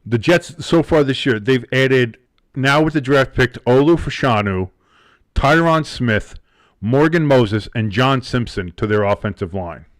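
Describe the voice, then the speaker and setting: A man with a New Jersey accent co-hosting a live sports show, talking in a rambling, excitable way with many restarts. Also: medium pitch, measured pace. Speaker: sports podcast co-host. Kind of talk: casual live draft chat.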